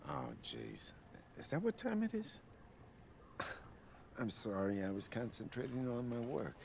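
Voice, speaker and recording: An actor playing a kind, distracted scientist father, soft and apologetic in video game dialogue. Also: mid-range voice, wildly swooping pitch, a little slow, vocal fry, a little hiss or hum, full character voice.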